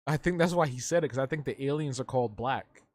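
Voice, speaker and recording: A man's voice: medium pitch, quick pace, no echo. A young man hosting a live drawing stream, chatting loosely in slang and answering his chat. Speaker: livestreaming artist.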